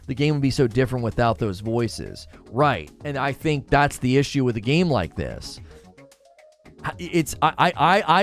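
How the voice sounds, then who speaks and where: A man hosting a live gaming stream, chatting back to viewers in an animated way with quick restarts. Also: medium pitch. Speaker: gaming channel host. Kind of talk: live-stream chat reading viewer comments.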